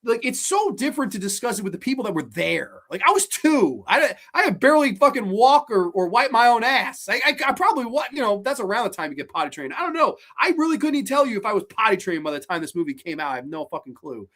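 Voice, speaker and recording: A host in their late twenties, chatting casually on a live stream, animated, swearing freely and often restarting sentences. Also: mid-range voice, fast talker, few pauses. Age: late 20s. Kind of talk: casual live stream chat, reacting to viewer comments.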